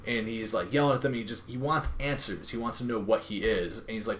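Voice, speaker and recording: Man, low voice, casual podcast recap, rambling with fillers, faint hiss. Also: brisk, hardly any pauses, a bit bright. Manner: rambling, filler-heavy retelling with quoted dialogue. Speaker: podcast co-host recapping a comic. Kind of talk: casual chat.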